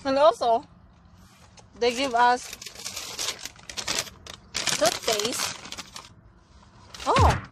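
A young Filipino woman talks casually in a car, her voice sitting a bit high. She explains herself in chatty bursts with restarts, and steady background noise runs under her. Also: very slow, long pauses. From Philippines. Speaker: vlogger. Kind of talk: casual chat.

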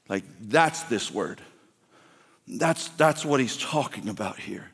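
A man preaching a conversational, intense sermon as a guest pastor, full of quick restarts. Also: mid-range voice, lively intonation, fairly bright tone, husky, in a large hall.

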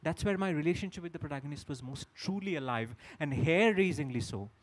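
A man's voice: on the high side, animated, a little fast. A man with an Indian English accent, a novelist speaking articulately and philosophically on a panel. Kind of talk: reflective literary discussion.

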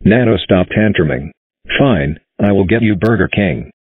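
A man's synthetic voice playing a stern, flat-sounding cartoon father who scolds his child. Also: sits low, moderate pace, narrow, tinny audio, slight background noise. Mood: scolding. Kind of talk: text-to-speech cartoon dialogue.

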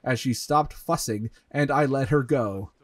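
A man's voice: mid-range voice, a little slow. A man reading a fanfiction aloud as a comedic dramatic reading over gameplay, mocking it and deadpanning the punctuation marks. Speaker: let's play host reading a fanfic.

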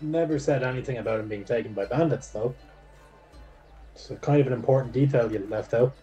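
A man's voice: mid-range voice, brisk, dark tone, muffled recording, soft background music. A man playing a tabletop game, talking bluntly and casually. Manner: blunt, swearing. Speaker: player.

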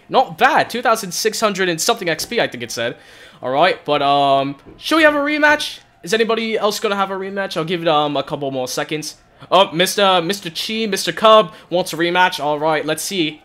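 Man, gaming host; high, bright voice, jumps all over in pitch, excitable play-by-play. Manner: excitable, shouts and groans at the game. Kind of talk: live gameplay commentary.

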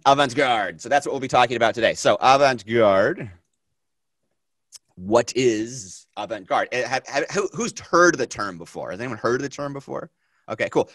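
Man, film teacher, lecture, chatty and energetic, lots of fillers, lowish voice, dry sound. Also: dry recording. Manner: energetic, chatty, repeats himself, many fillers. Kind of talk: classroom lecture. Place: classroom.

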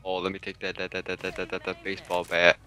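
A man's voice: sits low, completely flat delivery, quick pace, bright, forceful tone, poor audio. A young man giving casual commentary while playing a video game with a friend, chatty and joking, laughing at the chaos on screen. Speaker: gamer co-host.

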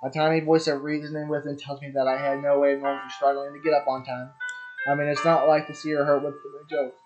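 A man reading a visual novel aloud as its narrator, in a quick, unpolished way with restarts. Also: a little high, flat delivery. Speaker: game player reading aloud. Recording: dull lo-fi audio with soft music.

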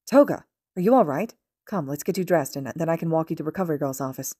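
A woman's voice: low voice, animated, fast, mellow, breathy edge, dry recording, clean studio sound. A woman voicing an urgent, pushy teenage boy who keeps pressing his point. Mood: anxious.

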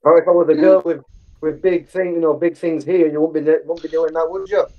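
A man's voice: on the high side, steady tone, fairly quick, narrow, tinny audio. A man chatting on a podcast, telling anecdotes in a matter-of-fact way. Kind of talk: casual chat.

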